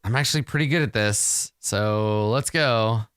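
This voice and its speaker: A man's voice: lowish voice, measured pace, a bit bright, clean tone, no echo, studio quality. A man thinking aloud as he plays a solo tabletop roleplaying game, rambling and swearing freely as the dice go against him.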